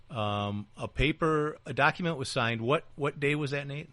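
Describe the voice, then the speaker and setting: A man's voice: medium pitch, lively intonation, moderate pace, pushed and bright, no echo. A man co-hosting a casual political talk show, joking and teasing his partner, with frequent fillers and restarts. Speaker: podcast co-host. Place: small back-room studio.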